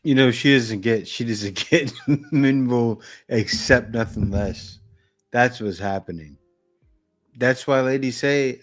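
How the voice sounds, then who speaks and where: A man's voice: mid-range voice, slow pace, soft background music. A man hosting a reaction video, commenting casually on clips, laughing and repeating phrases.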